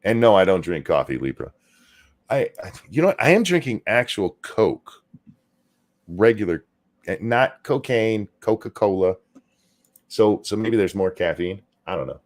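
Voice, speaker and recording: A male show host talking fast and ranting with sarcasm, dropping swear words as he goes. His pitch swings widely, rising and falling through every point. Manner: animated, swearing, sarcastic rants. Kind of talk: casual political commentary chat.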